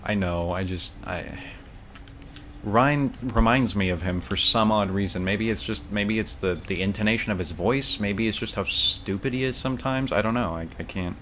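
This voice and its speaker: Low-voiced man rambling through a game stream. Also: moderate pace, fairly bright tone, a little hiss or hum. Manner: rambling, many fillers and restarts, banter with chat. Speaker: streamer playing a video game. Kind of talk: casual chat while gaming.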